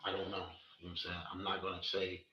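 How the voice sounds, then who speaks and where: A man talking casually as an interview guest, halting and repeating himself often. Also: low-pitched, completely flat delivery, a little hiss or hum. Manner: halting, repeats himself, keeps saying "you know what I'm saying". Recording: echoey room, distant mic, dull lo-fi sound.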